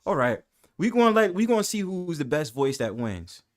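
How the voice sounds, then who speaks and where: A man with a New York accent hosts a live stream, bantering casually and teasing his guest. His voice sits on the high side with big swings in pitch, and he is playful and quick to laugh.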